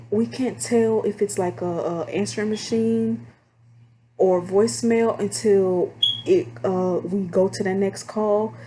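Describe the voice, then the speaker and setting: A young woman from Texas with a Texan accent, candidly telling stories about her call center job in a casual, animated, drawling way. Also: mid-range voice, slight background noise. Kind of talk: casual storytime vlog.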